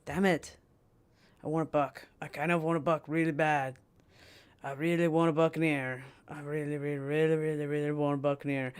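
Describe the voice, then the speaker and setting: A woman's voice: sits low, level tone, brisk, smooth, close to an everyday voice. A woman streamer voicing a scheming female poison witch who tells fortunes, rambling and playfully mean in character. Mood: coveting. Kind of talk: in-character livestream role-play.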